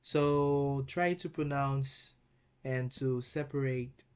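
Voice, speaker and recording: A man teaching a recorded language lesson who spells words out slowly and patiently, often checking in with "okay?". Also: mid-range voice, fairly even intonation, a little mellow, clear, resonant tone. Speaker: Greek teacher.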